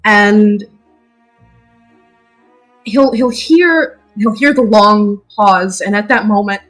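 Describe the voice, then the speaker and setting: A woman's voice: mid-range voice, slow pace, fairly bright tone, soft background music, rough recording. A woman playing a tabletop game in a casual, playful, easily amused way. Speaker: player.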